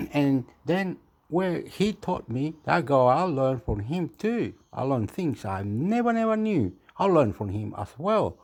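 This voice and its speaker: A man rambles to camera in a loose, casual monologue at a middle pitch. He meanders from one thought to the next and keeps laughing at himself in a self-mocking way. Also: sing-song, a little slow, a little mellow. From Chile. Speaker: YouTuber.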